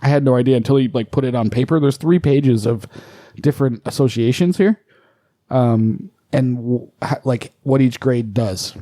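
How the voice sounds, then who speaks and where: A man's voice: medium pitch, moderate pace, dark tone, dry recording, clean studio sound. A man co-hosting a casual podcast who swears freely and explains things in a rambling way. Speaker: podcast co-host.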